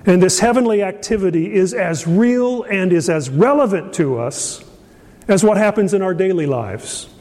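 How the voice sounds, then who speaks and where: A man's voice: high-pitched, animated, normal speed, darkish tone, long reverb tail. A middle-aged man from Indiana preaching a sermon, telling a folksy story with frequent fillers and restarts. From Indiana, USA. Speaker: pastor.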